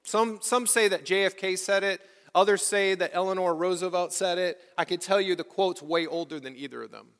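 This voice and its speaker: This man's voice sits high and a bit bright, and he talks fairly quickly with hardly any pauses. As pastor, he delivers a sermon in the church sanctuary, using repetition and questions aimed at the congregation, all ringing with the long reverb of the hall.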